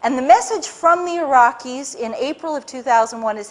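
High-voiced animated woman giving a talk. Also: brisk. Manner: animated storyteller, acts out quoted voices, many restarts. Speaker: public speaker. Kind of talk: animated lecture to a live audience.

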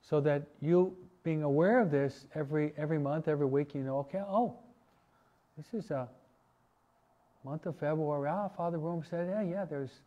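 Priest teaching a parish catechesis. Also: male voice, on the high side, normal speed, mellow, lo-fi sound. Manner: conversational, asks the audience questions, many restarts and asides. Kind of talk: informal parish teaching talk.

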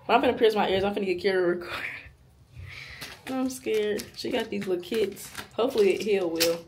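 A laid-back young woman in her early twenties chats to her camera, slangy and easygoing. Her voice sits at a middle pitch, recorded close on a phone with a faint hiss behind it. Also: fairly quick. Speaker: vlogger. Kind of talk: casual vlog talk to camera.

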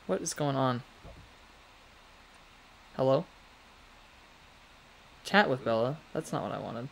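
A man's voice: medium pitch, lively intonation, slow, gravelly, a little hiss or hum. A man giving casual, chatty commentary on his own gameplay, talking to the game characters and laughing often. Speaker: let's play gamer.

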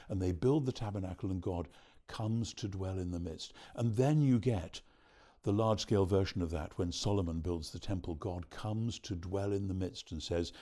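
A man being interviewed as a theologian, answering at length in a measured, explanatory way. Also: deep voice, warm tone. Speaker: theologian guest.

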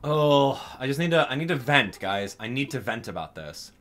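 A man's voice: medium pitch, sing-song, moderate pace, fairly bright tone. A young man hosting gameplay commentary, venting his frustration to his viewers. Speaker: gaming channel host.

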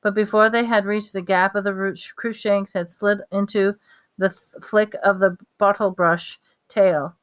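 A woman reading a storybook aloud, halting often to correct herself. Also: medium pitch, level tone. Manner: halting, stumbles and self-corrections. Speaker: reader.

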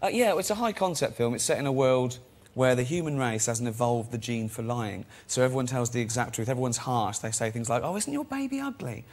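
A man's voice: medium pitch, a little fast. A man, a guest on a chat show, telling self-deprecating anecdotes and acting out the people in them. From England. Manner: self-deprecating anecdotal storyteller, acts out voices. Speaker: talk show guest, actor-director.

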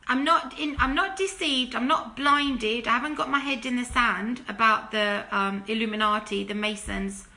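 A woman preaching straight to camera in an emphatic, fired-up monologue, her voice bright and forceful. She sits a little high for a woman and hammers her points home with one rhetorical question after another. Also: fairly even intonation, moderate pace, hardly any pauses. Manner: drops to a hushed, low plea when urging repentance. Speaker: Christian video commentator. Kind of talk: impassioned direct-to-camera monologue.

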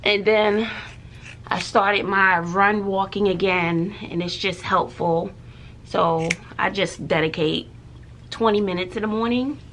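A woman, a teacher and mother chatting in a vlog, animated and dramatic, with hushed asides. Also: medium pitch, slow, slight background noise. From Texas. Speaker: schoolteacher and mother. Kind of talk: casual chatty vlog storytelling.

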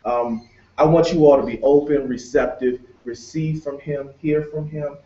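A man's voice: fairly high pitch, fairly even intonation, moderate pace, mellow. A man who is a pastor and conference host, leading prayer and calling out to the crowd as he introduces a guest speaker in a conference room turned sanctuary. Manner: rallying, calls out to the crowd. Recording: echoey, distant, dull room sound.

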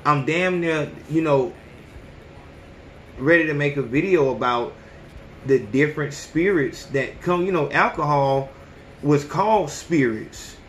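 A man's voice: on the high side, a little slow, fairly bright tone, reverberant, slight background noise. A man in his thirties hosting a podcast, talking bluntly and profanely in a casual, preachy monologue. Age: 30s. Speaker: podcast host.

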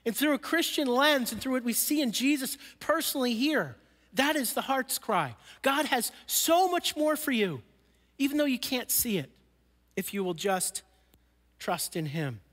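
A man preaching from the pulpit of a church, his voice sitting notably high for a man. He speaks earnestly and sinks into quiet, slowed lines when he wants a point to land. The sound rings out with a long hall reverb. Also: sing-song. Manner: earnest, drops soft and slow for emphasis. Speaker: pastor. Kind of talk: sermon. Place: church sanctuary.

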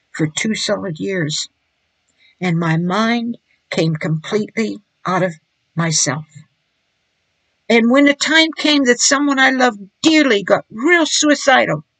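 Gravelly-voiced woman giving earnest testimony. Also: fairly high pitch, fairly bright tone, dry recording, rough recording. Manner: earnest, emphatic storytelling. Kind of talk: spoken personal testimony.

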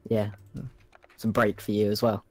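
A man co-hosting a game stream, talking in a relaxed, matter-of-fact way about plans and editing. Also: on the low side, a little slow. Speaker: co-host and editor. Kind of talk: casual chat. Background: faint game music.

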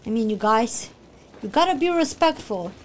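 A woman streamer giving excitable live reaction commentary on a video game, shrieking, gasping and talking to the characters on screen. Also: fairly high pitch, normal speed, slight background noise. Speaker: gaming streamer.

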